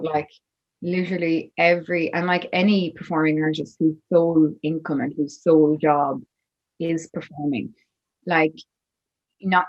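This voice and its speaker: A woman's voice: sits low, low-quality recording. A young Irish woman, a musician guest on a podcast, telling her story in a chatty way full of "like" and "you know". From Ireland. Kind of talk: podcast interview.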